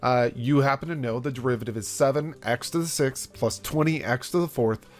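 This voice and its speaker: A man's voice: medium pitch, brisk, soft background music. A man teaching calculus in a playful, chatty way, speaking straight to the viewer. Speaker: math teacher. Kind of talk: casual math lesson explained through a courtroom story.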